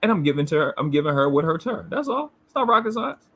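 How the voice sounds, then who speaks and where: Husky, animated man mocking and heckling. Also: a little high, fast. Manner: combative, mocking and profane. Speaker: commentary channel host. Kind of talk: reacting to a replayed livestream clip.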